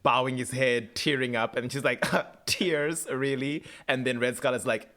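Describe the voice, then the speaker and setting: A man's voice: medium pitch, normal speed. A man co-hosting a podcast, recapping scenes in casual chat and laughing as he quotes the characters. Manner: animated, laughs while quoting scenes. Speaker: podcast co-host.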